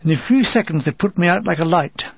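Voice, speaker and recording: A man's voice: high voice, animated, fast talker, creaky, lo-fi sound, slight background noise. A man narrating his own wartime memoir in a dry, wry voice that turns urgent and shaken. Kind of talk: first-person wartime memoir reading.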